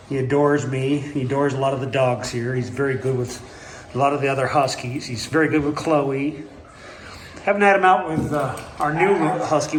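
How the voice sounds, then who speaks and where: Man cooing at shelter dogs, echoey kennel. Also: a little high. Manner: coos baby talk at the dogs. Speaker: animal shelter volunteer. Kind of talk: casual walkthrough vlog. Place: kennel building at night. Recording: echoey kennel room, faint noise.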